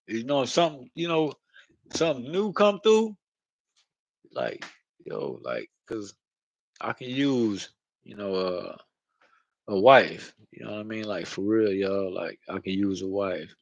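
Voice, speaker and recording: A man's voice: fairly low pitch, fairly bright tone, no echo, rough recording. A man talking casually into his own vlog, rambling and profane, often asking "you know what I mean". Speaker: channel host. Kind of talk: casual spiritual vlog monologue.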